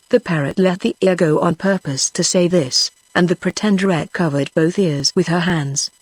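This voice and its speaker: A woman's voice: lowish voice, no echo. Synthetic British woman reading a storybook. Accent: British English. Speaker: audiobook narrator. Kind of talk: text-to-speech book reading.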